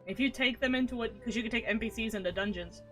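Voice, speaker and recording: A woman streamer with a bright, sharp voice talks over a game, rambling and poking fun at herself. She swears freely and sits a little above the usual pitch, with soft game music underneath. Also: fast. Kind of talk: casual gameplay commentary.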